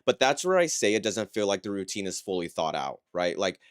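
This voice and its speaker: A man giving a casual, conversational livestream breakdown of dance routines, critical but encouraging and often checking in with a quick "right?". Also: fairly low pitch, big pitch swings, no echo, clean studio sound. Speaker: dance competition analyst.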